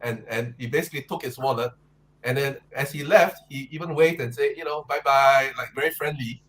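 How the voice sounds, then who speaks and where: A man on a panel, telling an anecdote in a relaxed, conversational way. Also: medium pitch, fairly quick, a little hiss or hum, rough recording. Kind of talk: casual chat on a call-in panel.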